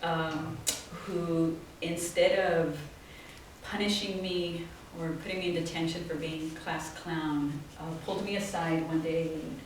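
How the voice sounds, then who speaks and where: A woman tells animated stories, laughing often and slipping into the voices of people she quotes. She sits back from the mic in a very echoey room, and a faint hiss runs under her voice. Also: low-pitched, a little slow, recorded from a distance. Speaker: guest artist. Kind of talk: storytelling talk. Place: small office event space.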